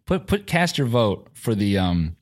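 A man's voice: lowish voice, big pitch swings, slow pace. A young male comedian chatting casually as a podcast guest, laid-back and full of filler words. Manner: laid-back, heavy use of "like".

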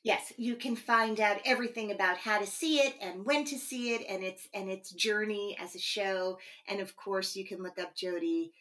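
A woman's voice: mid-range voice, normal speed, hardly any pauses, a bit bright. A woman hosting a podcast interview, speaking in a gushing, effusive way to her guest and then closing the show. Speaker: podcast host.

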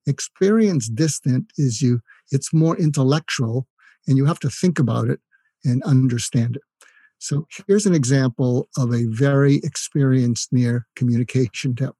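A man's voice: medium pitch, moderate pace, warm tone, no room sound, studio quality. An older retired man giving communication tips in an interview, explaining with examples and acted-out phrases. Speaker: guest, communication expert. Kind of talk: instructive interview talk.

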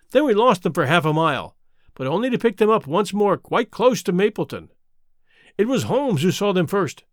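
A man reading a classic detective story aloud as first-person narrator, expressive and clearly enunciated, close to the mic. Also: high-pitched, dry recording. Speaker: audiobook reader.

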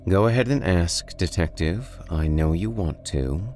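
A man's voice: low-pitched, animated, unhurried, a little mellow, faint music behind. A man doing a guarded, defiant woman.

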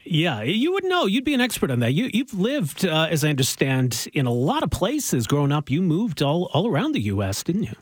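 A man hosting a radio interview, asking lively, friendly questions. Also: fairly high pitch, a little fast, hardly any pauses, slightly rough, dry recording. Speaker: radio host.

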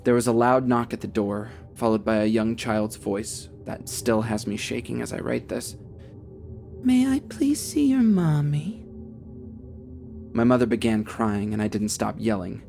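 A young man narrating a first-person horror story in a steady, tense telling. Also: fairly low pitch, normal speed, gravelly, hardly any pauses, soft background music. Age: young adult.

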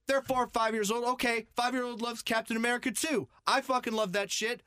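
Man, very high voice, bright, profane ranting, jet-lagged, podcast co-host. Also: steady tone, brisk, hardly any pauses, faint music behind. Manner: swears constantly, ranting and shouting. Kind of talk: profane comedic rant.

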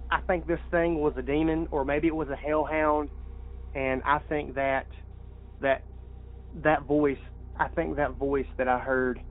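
A man calls in over a tinny, phone-like line to tell his story. His voice sits a little high for a man, and he stumbles and repeats words as he pushes on. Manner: halting, repeats words, restarts often. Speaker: caller. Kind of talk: telling a personal story by phone.

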